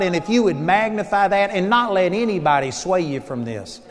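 Texan male pastor, high voice, storytelling sermon with loud-soft swings, long hall echo. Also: animated, normal speed, few pauses, a faint crowd. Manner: storytelling preacher, swings between loud emphasis and soft asides.

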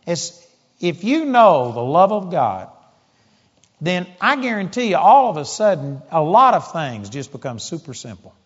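A man's voice: fairly high pitch, sing-song, unhurried, slightly rough. A man preaching a sermon, telling a story in an emphatic, conversational way. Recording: dull audio in a large hall with long reverb.

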